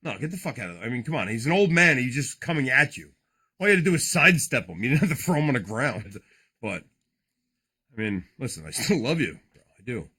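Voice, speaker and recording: Excitable profane man with a lively voice. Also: medium pitch, brisk, breathy edge. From New Jersey. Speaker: card-breaking streamer. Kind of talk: casual live card-opening chat.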